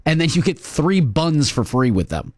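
A man co-hosting a morning radio show, teasing and skeptical with deadpan jabs. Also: a little high, moderate pace, no echo, clean studio sound. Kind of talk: casual morning radio banter.

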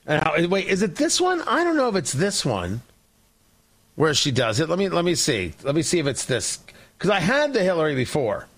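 A man's voice: a little high, wildly swooping pitch, normal speed, fairly bright tone. A male talk show host giving sarcastic, rambling political commentary. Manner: sarcastic, mocking, rambling with restarts.

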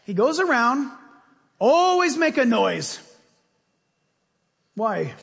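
Casting: high-pitched, husky male preacher, lively storyteller, long hall reverb. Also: slow pace. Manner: animated storytelling, acting out scenes. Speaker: pastor. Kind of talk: sermon.

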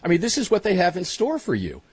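A man hosting a talk radio panel, animated and quick to interject. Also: sits high, slightly rough, no room sound. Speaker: talk show host.

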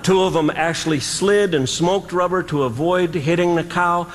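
A man doing stand-up storytelling, animated, with drawn-out pauses and sound effects, recorded live in a large hall. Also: high voice, slight background noise. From American Midwest farm country. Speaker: stand-up comedian. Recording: live hall reverb with faint ambience.

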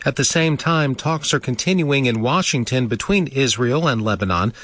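A man reading a national news bulletin as a newscaster in a measured, even way from a studio. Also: medium pitch.

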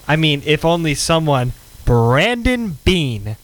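A man co-hosting a casual sports podcast, talking in quick, excitable bursts and laughing often. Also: a little high, poor audio. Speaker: podcast co-host.

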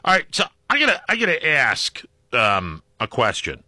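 Male talk radio host, chatty and rambling, very bright, animated delivery. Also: medium pitch, moderate pace, dry recording, studio quality. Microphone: studio microphone.

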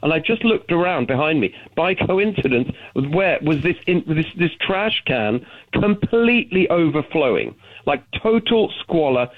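A man with a British accent, calling in as a guest on a talk radio show, talking in an animated way and often restarting his sentences. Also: a little high, a little slow. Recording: phone-line call-in audio.

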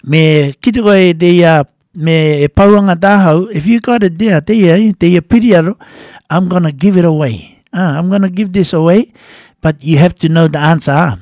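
A man's voice: on the high side, mellow, dry recording, studio quality. A man hosting a casual radio show, running a listener quiz in a playful, teasing way and switching between languages. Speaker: radio host.

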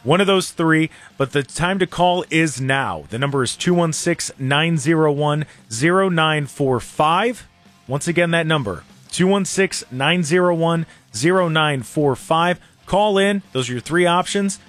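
A male talk radio host in a studio, giving opinions in an animated, sarcastic way. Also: on the high side, unhurried, faint music behind. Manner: animated, sarcastic, mocks others in silly voices. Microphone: studio microphone.

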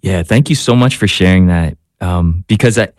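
A man's voice: low-pitched, moderate pace, darkish tone, no echo, clean studio sound. A man who is a priest and radio guest, speaking reflectively and searching for words with frequent restarts. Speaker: priest and spiritual director guest. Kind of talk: radio talk show conversation.

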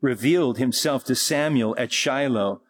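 A man teaching verse by verse through scripture, reading passages slowly and then explaining them, his voice rising when he presses a point. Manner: rises in pitch and force when pressing a point. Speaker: Bible teacher.

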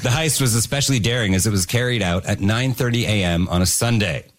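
A man's voice: fairly low pitch, fast, soft background music. A man hosting a comedy news quiz, reading out questions playfully and laughing at his own jokes. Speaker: quiz host.

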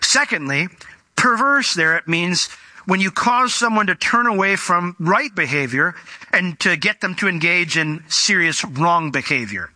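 A man in his thirties preaches with a bright, ringing, forceful tone. He talks conversationally and then pushes into fervent emphasis. The sound is dry and close, with no room around it. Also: high-pitched, animated, unhurried, dry recording. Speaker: pastor. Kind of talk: sermon.

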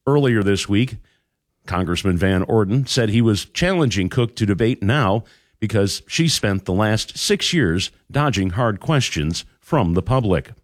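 A man reading a radio news bulletin in a measured, even delivery from a studio. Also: on the low side, dry recording. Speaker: news anchor. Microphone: studio microphone.

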